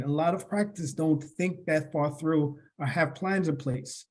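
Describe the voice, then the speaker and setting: A man co-hosting a business podcast, explaining in a steady, plain-spoken way. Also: fairly high pitch, a little slow. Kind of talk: casual business podcast talk.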